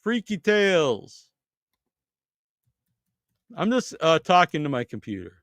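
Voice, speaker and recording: A man's voice: on the high side, big pitch swings, slow, fairly bright tone, no room sound. A man hosting a podcast in casual chat, chatty and thinking aloud as he searches online. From Massachusetts. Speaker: podcast host.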